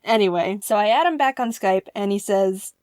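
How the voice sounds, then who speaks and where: A woman narrating a comedic storytime for an animated video, playful and excitable, slipping into quick impressions. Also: mid-range voice, dry recording, clean studio sound. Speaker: animation channel host.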